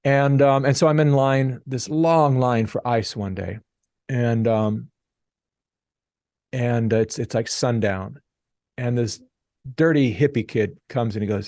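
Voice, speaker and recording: A middle-aged man telling a story as a podcast guest, animated and acting out the people he quotes. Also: medium pitch, takes it slowly, long pauses, no echo, clean studio sound. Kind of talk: casual storytelling interview.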